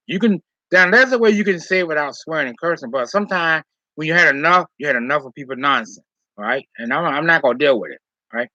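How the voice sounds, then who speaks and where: A man's voice: a little high, animated, fast talker, pushed and bright, no room sound. A man telling a personal story, often tagging "all right?" and "okay?" and getting heated. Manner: rambling, repeats "all right?" and "okay?", heated when retelling. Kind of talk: casual storytelling monologue. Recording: dull lo-fi sound.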